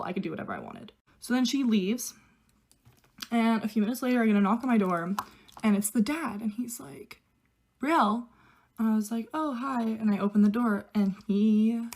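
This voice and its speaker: A young woman chatting casually through a get-ready-with-me storytime, filling every sentence with "like" and quoting others in her own voice. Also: medium pitch. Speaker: au pair telling a story.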